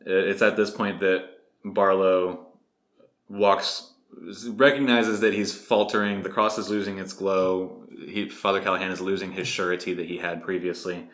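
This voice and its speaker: A man co-hosting a casual podcast, relaxed, retelling a novel's plot with many fillers. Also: deep voice, echoey room. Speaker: podcast co-host. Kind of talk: casual book discussion.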